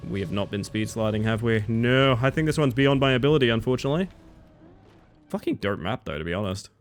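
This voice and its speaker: A man's voice: medium pitch, animated, fast. An Australian man chatting casually and swearing while streaming a game. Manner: chatty, swears, chants silly words while playing. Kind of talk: casual live-stream gaming commentary.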